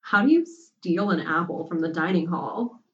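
A bold, confident college girl who speaks bluntly and teases, as a woman reads her part. The voice sits low and sounds muffled and distant. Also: lively intonation, moderate pace, a bit bright, a little hiss or hum. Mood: brash. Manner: blunt and teasing.

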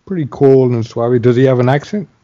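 Mellow easygoing man, lo-fi dry mic. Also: mid-range voice, a little fast, no room sound. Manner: easygoing, unsure, trails off. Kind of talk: casual chat. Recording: dull, lo-fi mic.

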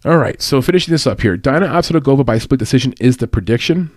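A man's voice: mid-range voice, expressive, fast talker, a little mellow, no room sound, clean studio sound. A man giving casual fight predictions and betting tips, chatty, with fillers and small laughs. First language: English. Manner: chatty, laughs at own remarks, lots of fillers. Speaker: fight analyst and betting tipster.

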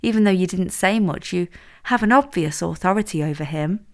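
A woman voices a scheming young woman who coaches her friend with firm, teasing confidence. The voice sits fairly low and sounds self-assured, never hesitant. It comes from a read-aloud story. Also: a little fast, a little mellow, close to an everyday voice. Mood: bossy.

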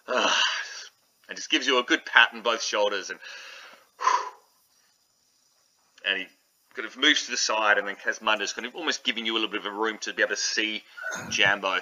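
A man's voice: mid-range voice, pushed and bright, rough recording. Rambling man as game master. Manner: casual, rambling, with fillers. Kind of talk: narrating a tabletop game.

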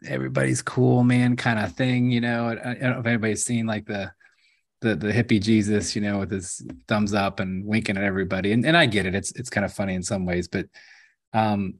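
A man's voice: fairly low pitch, steady tone, a little fast. A man co-hosting a casual faith podcast, reflective and hesitant, often repeating words. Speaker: podcast co-host.

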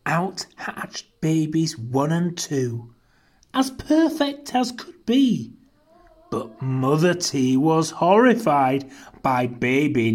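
A man hosting a children's story podcast, reading a rhyming tale aloud in a rhythmic, expressive way. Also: mid-range voice, slow. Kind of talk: storybook narration.

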